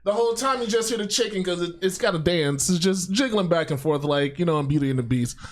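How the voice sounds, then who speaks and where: A playful man at a tabletop game with a high, bouncing voice that leaps all over. He clowns around with sing-song bits. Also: lively intonation, quick pace. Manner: playful, sing-song, breaks into silly songs. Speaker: player.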